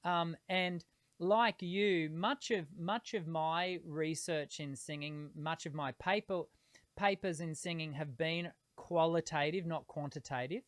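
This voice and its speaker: A man's voice: on the high side, measured pace, no room sound, clean studio sound. A man hosting an interview about singing, asking long questions with many restarts. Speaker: podcast host, singing teacher. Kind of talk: conversational interview.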